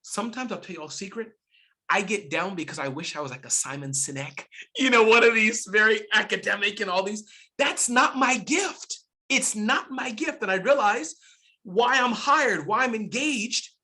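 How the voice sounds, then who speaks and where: A middle-aged man giving an energetic webinar talk, exclamatory and animated, swinging between loud bursts and soft asides. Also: sits high, a little fast. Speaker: guest speaker.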